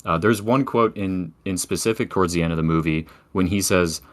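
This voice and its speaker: A man talking casually about a film on a podcast, relaxed and hedging, with small chuckles. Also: deep voice, fairly quick, hardly any pauses, no echo. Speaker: podcast co-host or guest.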